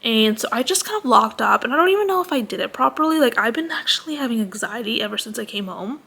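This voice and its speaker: A young woman tells a rambling, nervous story about her day, fillers everywhere. Her voice sits a bit high and sounds bright, with a gravelly fry under it. She talks at home at night. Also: lively intonation, fast talker. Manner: anxious, rambling, full of "like". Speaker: vlogger. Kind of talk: casual storytime rant. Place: home at night, parents asleep nearby.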